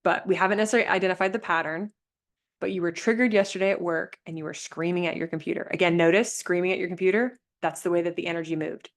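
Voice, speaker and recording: A woman coaching a group over a video call, reflective and gentle, often restarting her sentences. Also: lowish voice, fairly even intonation, quick pace. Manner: gentle, reflective, thinks aloud with many restarts. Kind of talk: live online coaching session.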